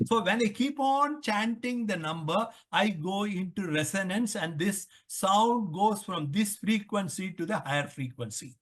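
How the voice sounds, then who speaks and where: An older man with an Indian English accent talks in a high voice, lecturing through a long interview answer. He repeats points and poses questions to himself as he explains. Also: a bit bright. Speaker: author interviewed on the Vedas.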